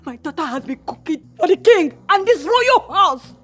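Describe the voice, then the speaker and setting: A woman's voice: very high voice, sing-song, moderate pace, soft background music. Tearful indignant Nigerian mother. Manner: indignant, pleading. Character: wronged, tearful mother of a palace maid.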